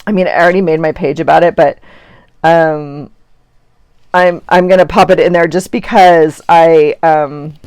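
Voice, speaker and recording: A middle-aged woman talks through her crafting in a loose, rambling chat, often breaking into giggles. Her voice sits a little low. The sound is dry, with hardly any room around it. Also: steady tone, unhurried, a little mellow, smooth, dry recording. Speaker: journaling vlogger. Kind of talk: casual chat while crafting. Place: home office.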